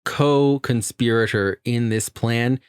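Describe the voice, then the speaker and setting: A man's voice: medium pitch, slow, smooth, no echo, clean studio sound. A man co-hosting a film podcast, explaining a theory in casual chat and laughing often. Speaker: podcast co-host.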